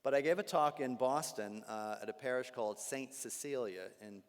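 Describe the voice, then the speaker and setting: A man, a Jesuit priest, giving a talk to a live audience with animated storytelling, humor and asides. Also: mid-range voice, moderate pace, smooth. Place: large hall with live audience. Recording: long hall reverb.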